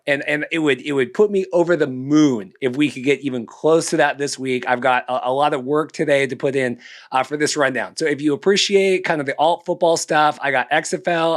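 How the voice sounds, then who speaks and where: A young man co-hosting a casual podcast, rambling and self-deprecating, often restarting his sentences. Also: a little high. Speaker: podcast co-host.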